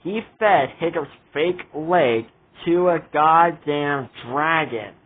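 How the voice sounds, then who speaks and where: This is a casual ranting commentary from a man reviewing a show in his vlog, exasperated and indignant, with asides he keeps coming back to. He speaks slowly in a fairly high, husky voice. The sound quality is tinny, like a phone.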